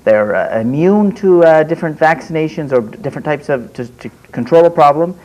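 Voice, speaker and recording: A man's voice: on the high side, expressive, brisk, a little mellow, poor audio. A man who sits on a parliamentary committee, speaking earnestly on a panel and hesitating with fillers. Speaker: member of Parliament on fisheries committee. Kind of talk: panel discussion.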